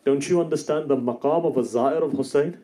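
A man's voice: on the high side, a little fast, mellow. Man preaching in an echoey mosque. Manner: storytelling, rising to fervent emphasis. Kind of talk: sermon.

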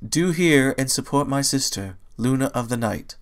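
A man's voice: mid-range voice, lively intonation, voice pushed up, natural voice. A man voicing a solemn ancient pony princess. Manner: slow formal proclamation.

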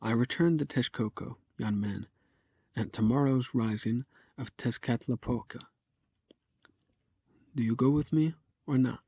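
A man's voice: mid-range voice, unhurried, pauses often, mellow, no echo. A man voicing a curt, imperious noble envoy. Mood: haughty. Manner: brusque, gruff.

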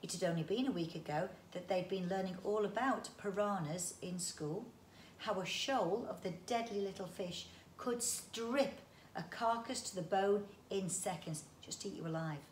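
A woman's voice: medium pitch, normal speed. A woman reading a children's book aloud, with chatty asides to the listener. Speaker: storyteller. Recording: roomy echo, faint background noise.

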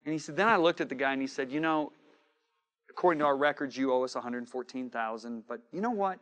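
This preacher keeps a quick pace and a medium pitch as he recounts a story with quoted lines, alternating loud outbursts with hushed asides.

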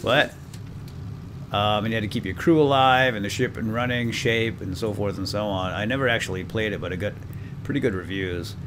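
A man's voice: lowish voice, brisk, slight background noise. A man hosting a let's play, chatting casually and self-deprecatingly to viewers and now and then barking playful orders at his game crew. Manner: breaks into loud mock-commanding calls at the game crew. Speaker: gaming channel host.

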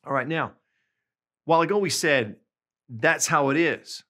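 Guy teaching a language lesson, patient, says the example bits slow and clear. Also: fairly high pitch, sharp tone. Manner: patient, slows down for example phrases. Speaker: language tutor. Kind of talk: explaining lessons to camera.

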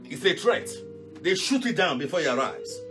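A pastor leading a fervent live prayer sermon, shouting repeated commands and breaking into tongues. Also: male voice, a little high, big pitch swings, moderate pace, over music. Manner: speaks in tongues between prayers.

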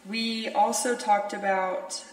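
This young podcast host takes it slowly, her medium-pitched voice steady as she chats casually, laughs a lot and fills gaps with filler words. The room is echoey and she's distant from the mic.

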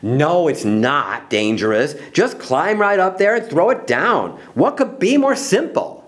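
A man's voice: a little high, very animated, unhurried. A man voicing a big, bossy young female elephant bully in a storybook, with a sneering, taunting manner.

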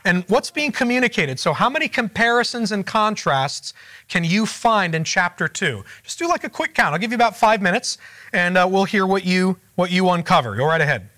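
A man's voice: high-pitched, sing-song, fairly quick, bright, forceful tone, no room sound. A man teaching a group Bible study, explaining verses and asking the room questions in a conversational way.

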